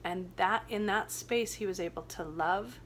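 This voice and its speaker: A woman speaking in an earnest, gentle way as she recounts a workshop story in a relaxed chat. Her pitch sits in the middle of the range, and she lets her voice sink to a hush at tender moments. There is a faint noise bed under the recording. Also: a little slow. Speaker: youth workshop facilitator.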